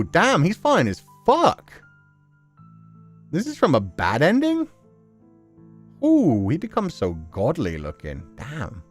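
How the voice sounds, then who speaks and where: A man chatting casually on a live stream, reacting to fan art and laughing often. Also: on the low side.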